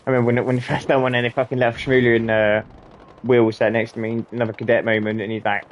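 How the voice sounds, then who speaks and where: A man's voice: medium pitch, little pitch movement, quick pace, slight background noise. A man telling army stories in a rambling, sweary way, often chuckling. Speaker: podcast host and army veteran. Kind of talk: casual storytelling.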